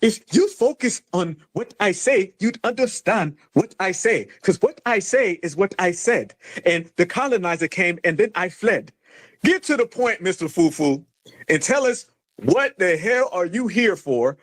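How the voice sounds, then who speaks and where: A man's voice: sits high, animated. An American man hosting a livestream, taunting and mocking a guest in a heated argument. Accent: American English. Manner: mocking, taunting, loud and rapid insults. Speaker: livestream host.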